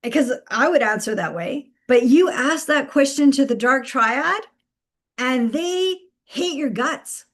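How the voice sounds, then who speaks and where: A woman's voice: sits high, expressive, measured pace. A woman hosting a live spiritual guidance stream, speaking emphatically, repeating key phrases and laughing between points.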